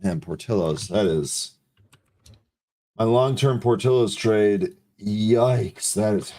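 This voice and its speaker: Weary, mellow-voiced trading co-host. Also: male voice, lowish voice, takes it slowly. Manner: weary, yawning, complaining. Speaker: co-host of live trading show. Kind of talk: casual chat.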